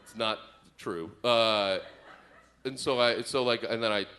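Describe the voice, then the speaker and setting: Male comedian, co-host, stand-up set; bright, sharp tone, rambling observational delivery. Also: lowish voice, measured pace. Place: stage before a live audience.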